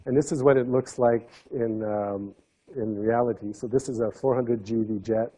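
Dark, husky-voiced male lecturer. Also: medium pitch, fairly even intonation, moderate pace, rough recording. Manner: explanatory, trails off softly at phrase ends. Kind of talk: academic seminar talk.

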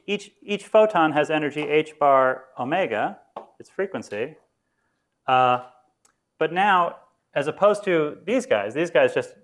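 A man's voice: a little high, fairly bright tone. A man lecturing on physics to students in a lecture room, informal and explanatory, thinking aloud as he goes. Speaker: university lecturer.

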